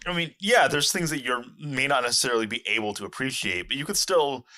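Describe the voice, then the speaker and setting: Animated rambling male podcast host. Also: quick pace. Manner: rambling, many fillers and restarts, animated jumps in pitch. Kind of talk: casual chat.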